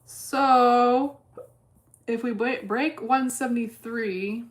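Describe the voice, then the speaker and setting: A woman's voice: fairly low pitch, normal speed, a bit bright. A woman streaming her day trading in casual chat, blunt and cursing freely as she thinks aloud. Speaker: livestreamer trading stocks.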